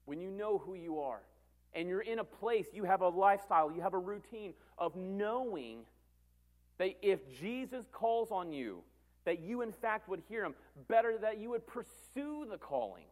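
A man in his thirties, a pastor preaching a sermon in an earnest way, repeating phrases for emphasis and swinging between loud and soft. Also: high-pitched, sing-song, normal speed.

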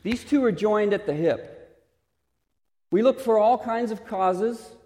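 A man preaching a sermon, originally from Texas, asking the listeners questions and slowing down to stress his points. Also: high-pitched, a little mellow. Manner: questioning, emphatic, slows for stress. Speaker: pastor. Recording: reverberant hall.

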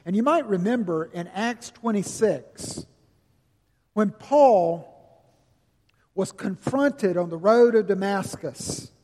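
An older man preaching a sermon, earnest and folksy, telling stories with slow, emphatic stretches. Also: sits high, animated, a little mellow. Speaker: pastor. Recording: long reverb of a large hall.

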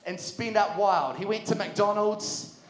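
High-voiced New youth preacher. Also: male voice, measured pace. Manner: energetic, jokey storytelling. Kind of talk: sermon. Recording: echoey hall.

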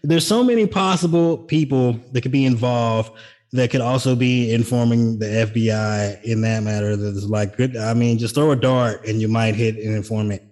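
A man's voice: medium pitch, normal speed, a little mellow. Sarcastic man co-hosting a casual podcast. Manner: sarcastic, jokey asides. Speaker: podcast co-host. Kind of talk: casual political chat.

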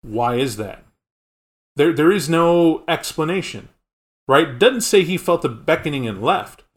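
A man's voice: fairly high pitch, expressive, a little slow. Man rambling through game lore. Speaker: podcast co-host. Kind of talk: casual tabletop game lore chat.

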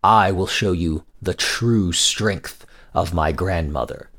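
A man's voice: low voice, slow, a bit bright, pitched below the performer's own voice, heavily acted. A man voicing a clever young merchant trickster, speaking boldly and boastfully. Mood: flattering.

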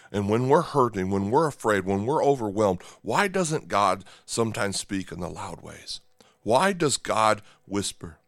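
A man's voice: on the low side, a bit bright, no echo. Dynamic male preacher, dry close sound. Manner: dynamic, drops to near-whisper for emphasis, repeats phrases; checks in with the audience with "right?" and "okay?". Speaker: pastor. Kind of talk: sermon.

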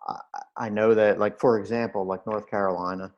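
A man's voice: lowish voice, level tone, fairly quick, lo-fi sound. A man guest explaining firefighter fitness in earnest detail with dry humor. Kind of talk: podcast interview.

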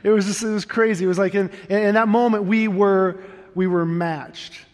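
A man's voice: sits high, fairly even intonation, moderate pace. A middle-aged man preaching a sermon, telling a personal story candidly and earnestly, with self-deprecating humor. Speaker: pastor. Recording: long reverb of a large hall.

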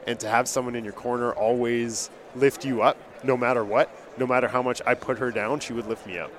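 A man's voice: medium pitch, fairly even intonation, a little fast, a little hiss or hum. A male dentist hosting a podcast, talking earnestly and emotionally, often repeating words as he speaks. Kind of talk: emotional casual conversation. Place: conference booth. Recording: busy conference hall crowd. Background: crowd chatter.

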